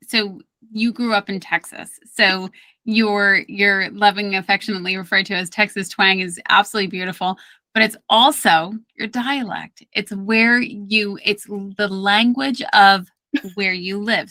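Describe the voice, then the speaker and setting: A woman's voice: medium pitch, fairly even intonation, moderate pace, pushed and bright, no echo. A woman from Brooklyn with a Brooklyn accent, a speech therapist explaining things at length in a podcast interview, often repeating her words. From Brooklyn, New York.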